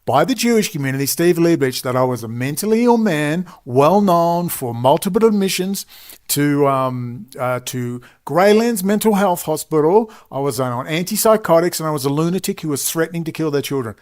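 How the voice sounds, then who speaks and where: A man's voice: a little high, expressive, normal speed, darkish tone. Rambling Australian man telling a story. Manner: digressive, recounts dialogue, emphatic asides. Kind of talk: rambling personal storytelling monologue.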